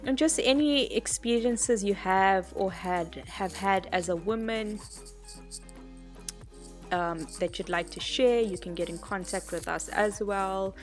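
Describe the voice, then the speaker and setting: A woman co-hosting a podcast in casual chat, telling stories in a chatty, animated way. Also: medium pitch, measured pace, soft background music. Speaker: podcast co-host.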